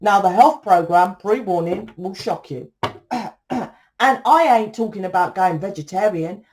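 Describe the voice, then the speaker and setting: A woman's voice: mid-range voice, a little slow, darkish tone. A woman, a tarot reader in a casual spiritual monologue, blunt and profane, rambling and tagging sentences with "right?".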